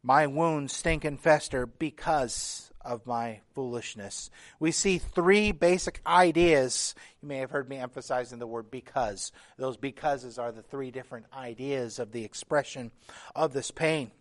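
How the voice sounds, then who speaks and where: A man's voice: medium pitch, unhurried. A man preaching a sermon as pastor, earnest and emphatic, reading scripture aloud with feeling. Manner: earnest preaching, building emphasis with repeated phrases.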